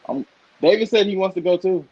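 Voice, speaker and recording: A young man from Michigan co-hosting a casual podcast, a lively storyteller who teases playfully. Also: high-pitched, brisk, slight background noise. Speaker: podcast co-host. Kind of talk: casual chat. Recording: dull lo-fi podcast audio.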